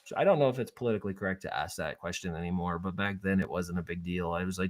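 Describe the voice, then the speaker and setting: Animated chatty man from Minnesota. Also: deep voice, quick pace. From southern Minnesota. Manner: animated, chatty, full of fillers. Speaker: guest. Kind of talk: casual storytelling.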